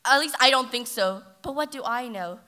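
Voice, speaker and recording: Teenage girl, spoken word performer, high and bright, dramatic loud-to-hushed delivery. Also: moderate pace. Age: teens. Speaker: high school slam poet. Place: ballroom stage.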